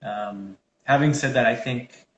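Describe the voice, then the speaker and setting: A man's voice: mid-range voice, measured pace, a bit bright, reverberant, a little hiss or hum, rough recording. A man co-hosting a fitness chat, giving casual advice in a rambling way with many fillers and restarts, over a video call. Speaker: fitness trainer co-host.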